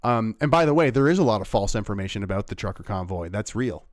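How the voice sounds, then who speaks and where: A man's voice: on the low side, animated, fast, no room sound, studio quality. Sarcastic man reacting to clips live. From Canada. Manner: sarcastic, rambling with fillers and laughs. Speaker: livestream host reacting to clips. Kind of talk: casual live commentary.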